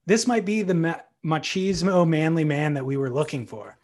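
A man co-hosting a casual surf podcast, relaxed and teasing, and keen when he praises a surfer. His voice sits slightly high. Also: normal speed. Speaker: podcast co-host. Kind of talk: casual surf talk chat.

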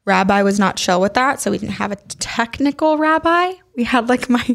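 A young woman co-hosting a podcast, chatting casually and telling animated stories with blunt opinions. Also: on the high side, moderate pace, vocal fry. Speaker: podcast co-host. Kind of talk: casual chat.

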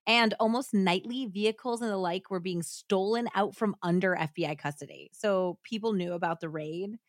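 A woman's voice: medium pitch, moderate pace, dry recording, studio quality. A woman hosting a podcast, telling a true-crime story casually with many fillers and laughs. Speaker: podcast host.

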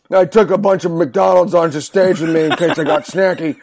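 A man's voice: fairly high pitch, fairly even intonation, a little fast, vocal fry, hardly any pauses, darkish tone. A man co-hosting a comedic podcast, mocking and laughing often as he does mock voices. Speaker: podcast co-host. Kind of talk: comedic casual chat.

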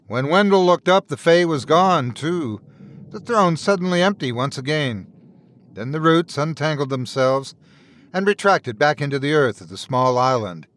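Expressive male storyteller, higher voice. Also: normal speed. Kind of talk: scripted horror story narration.

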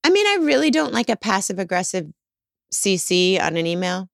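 A woman's voice: mid-range voice, big pitch swings, fairly quick, vocal fry, no echo, studio quality. A woman co-hosting a casual podcast chat, candid and self-mocking, with casual swearing. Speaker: podcast co-host.

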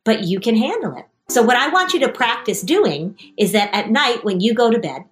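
A woman hosting as a parenting coach, guiding a mother and child with animated stories and acted-out quotes. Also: fairly high pitch, normal speed. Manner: animated storytelling, acting out quoted voices. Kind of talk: coaching conversation.

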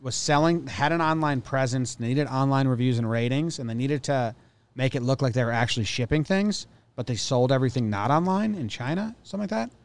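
A man co-hosting a casual podcast, reading out news stories and chatting in a rambling, halting way. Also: mid-range voice. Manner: rambling, halting, thinks aloud. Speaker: podcast co-host.

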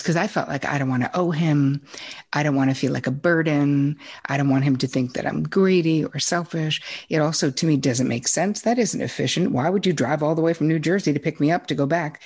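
Low, husky-voiced woman telling stories frankly. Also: fairly quick. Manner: direct and candid, with lively quoted dialogue. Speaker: psychotherapist and guest. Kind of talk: conversational interview storytelling.

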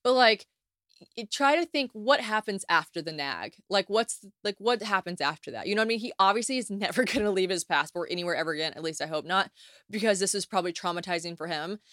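A young woman from the United States talks through stories on her solo podcast, lively and chatty, and she slips into little acted-out quotes. Her voice sits in an ordinary middle pitch for a woman. The sound is dry and close, with no room around it. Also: fast, dry recording. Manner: chatty, animated storytelling with swearing and acted-out quotes. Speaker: podcast host. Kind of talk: casual solo podcast chat.

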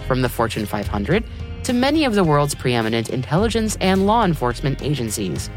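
A woman hosting a news podcast, reading a script with a chatty, joking manner. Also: low voice. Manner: chatty, jokey asides. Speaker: podcast host.

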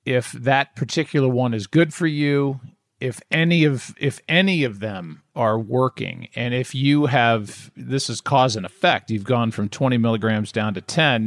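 A man's voice: medium pitch, no room sound, studio quality. A man co-hosting a podcast, chatting in a wry, joking way. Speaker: podcast co-host. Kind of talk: casual chat.

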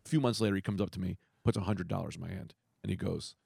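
A man's voice: sits low, very fast, gravelly, husky, dry recording, clean studio sound. A young man telling long, profane stories in casual chat, acting out the voices of the people in them. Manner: rambling, profane, animated storyteller who acts out quotes.

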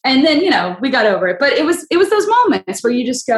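A woman podcast host with a high-sitting voice tells stories quickly in a casual chat, acting out what people said. She's an animated storyteller, and the recording sounds roomy with poor audio.

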